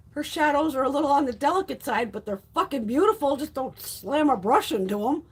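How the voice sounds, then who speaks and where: A woman with a high, slightly rough voice talks animatedly and fairly quickly, with few pauses, as she hosts a casual beauty livestream. Reading viewer comments, she rambles chattily, restarts often, and offers blunt opinions packed with profanity.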